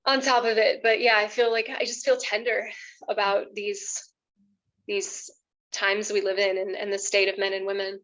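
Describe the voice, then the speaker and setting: A woman's voice: mid-range voice, little pitch movement, moderate pace, a bit bright, lo-fi sound. A woman love coach, a podcast guest, talking earnestly in a casual conversation, emotional and choking up a little, with many fillers.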